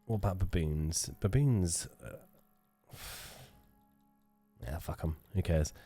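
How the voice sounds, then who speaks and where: A man's voice: low-pitched, slow pace, dark tone, slightly rough, soft background music. A man hosting a let's play, chatting casually to himself with swearing and jokes. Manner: muttering to himself, swearing, joking. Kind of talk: casual gameplay commentary.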